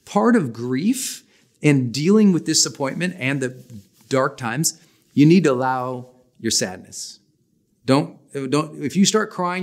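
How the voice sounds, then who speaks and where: Male life coach in his forties, fairly high voice, energetic and conversational delivery for a class. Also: measured pace. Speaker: personal development coach. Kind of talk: motivational class talk.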